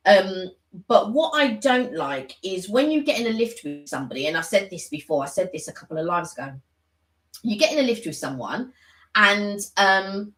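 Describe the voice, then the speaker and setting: A woman's voice: mid-range voice, moderate pace, echoey room, poor audio. A woman co-hosting a live stream, chatting casually and rambling through long stories with lots of restarts. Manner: chatty, rambling, with many restarts and animated retellings. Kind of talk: casual chat.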